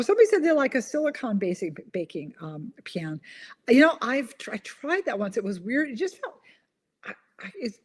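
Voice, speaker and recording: A woman's voice: mid-range voice, darkish tone, husky. A woman hosting a casual live chat, reading viewer comments aloud and giggling at her own corny jokes. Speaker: host of a live online chat.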